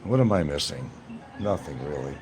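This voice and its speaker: A man's voice: rumbling low, animated, normal speed, a little mellow. A man hosting a live stream, chatting to his viewers in a rambling, meandering way. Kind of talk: rambling casual live chat. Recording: noisy ambient background.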